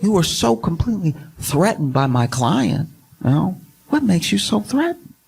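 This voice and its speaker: A man's voice: sits high, big pitch swings, normal speed, vocal fry, a little mellow, slightly rough, pitched above the performer's own voice, exaggerated voice. A man playing a pushy male lawyer who badgers a witness with repeated accusing questions. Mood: badgering. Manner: badgering, repetitive, insistent.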